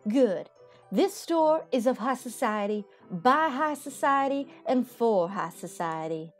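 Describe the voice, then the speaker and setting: A snooty seagull clerk lady with a Southern US drawl who lingers over every prim word, as a woman puts her on. She sounds haughty and slow, looking down her beak at everyone. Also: a little high, lively intonation, faint music behind, voice pushed up. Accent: Southern US (put on).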